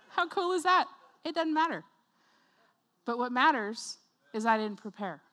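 A woman preaching a sermon, telling a personal story in an animated way and acting out other people's voices. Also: high voice, normal speed. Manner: animated storytelling, acts out voices, laughs often.

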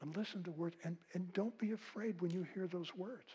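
An older man preaching a sermon with a husky voice, telling folksy stories and swinging from loud calls to hushed, quiet passages. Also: high-pitched, a little fast, dull audio. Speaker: pastor.

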